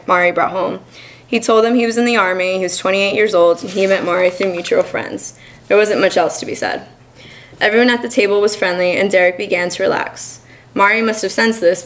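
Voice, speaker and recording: A young woman student reading her own short story aloud at a college reading, in an even, measured manner. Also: medium pitch, rough recording. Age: young adult. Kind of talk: literary reading.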